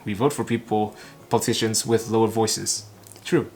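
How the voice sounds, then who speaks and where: A man's voice: fairly low pitch, fairly even intonation, faint music behind. A man repeating a spoken talk phrase by phrase, stumbling and restarting often as he practices English. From Vietnam. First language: Vietnamese. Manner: halting, clipped phrases with frequent stumbles and restarts. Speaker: English learner and channel host. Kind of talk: shadowing a recorded talk line by line.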